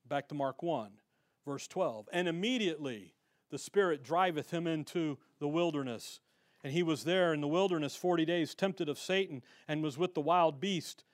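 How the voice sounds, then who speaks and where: High-voiced energetic male Bible teacher. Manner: energetic, punchy rhetorical questions, reads scripture aloud. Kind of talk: verse-by-verse Bible lesson.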